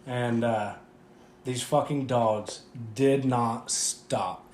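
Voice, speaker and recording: A man's voice: mid-range voice, steady tone, drawn-out words, a little mellow. A man co-hosting a podcast, chatting casually and rambling with frequent swearing. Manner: profane, rambling. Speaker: podcast co-host. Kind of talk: casual chat. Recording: roomy echo, faint background hum.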